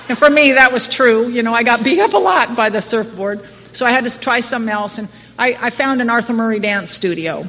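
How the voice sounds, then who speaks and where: This middle-aged woman has a fairly high, fairly bright voice and speaks at a moderate pace, sharing her personal story with a recovery group in a meeting hall. She talks conversationally, with wry self-mockery and frequent restarts. The hall recording sounds distant and muffled, with slight background noise.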